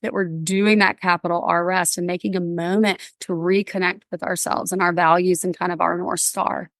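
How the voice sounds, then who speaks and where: A woman guest on a podcast, bubbly and animated, telling stories and acting out little voices in casual interview chat. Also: fairly low pitch, normal speed, no echo, clean studio sound. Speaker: podcast guest, workplace wellbeing speaker.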